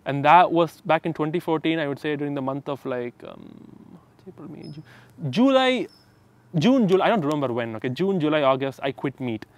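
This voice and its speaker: A man's voice: on the high side, fairly quick. A young man telling a personal story in a casual, emphatic way, often acting out the voices of others. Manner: animated, emphatic, acts out quoted voices. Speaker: vlogger telling his story.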